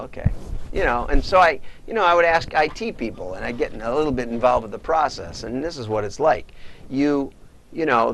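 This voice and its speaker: Middle-aged man, consultant, lively pitch, rambling anecdotes, chuckling asides, livestream talk. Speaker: data marketing consultant. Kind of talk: casual livestream storytelling.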